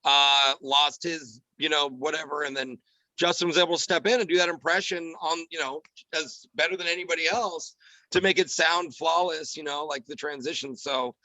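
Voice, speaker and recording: A man's voice: fairly high pitch, steady tone, pushed and bright, dry recording, low-quality recording. A man guesting on a podcast, chatting casually and a little giggly, with lots of fillers. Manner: giggly, talks fast with many fillers. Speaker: podcast guest, radio show comedian.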